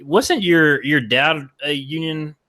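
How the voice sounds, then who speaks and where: A man's voice: a little high, takes it slowly, sharp tone. A man from West Virginia hosting a podcast, talking in a rambling, casual way and swearing freely. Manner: rambling, lots of fillers and restarts, swears freely. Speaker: podcast host.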